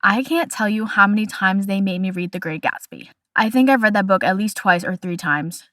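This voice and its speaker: A woman's voice: medium pitch, animated, moderate pace, fairly bright tone, no room sound. Young woman podcast host: casual, chatty, playful and opinionated, dry close sound.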